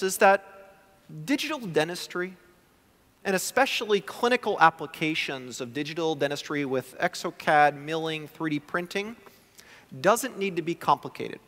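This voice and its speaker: A male prosthodontist gives a conference talk, his fairly high voice swinging widely as he acts out his patients' words. The delivery is lively and conversational. A long hall reverb trails each phrase. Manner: animated, acts out patient quotes. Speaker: guest lecturer, prosthodontist.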